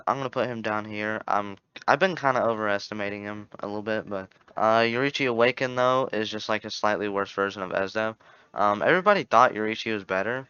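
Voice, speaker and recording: Young guy rambling thru a game tier list, bright clear voice, kinda muffled dull mic. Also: lowish voice, dry recording. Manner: rambling, self-correcting, jokey. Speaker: gaming YouTuber. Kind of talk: casual tier-list commentary.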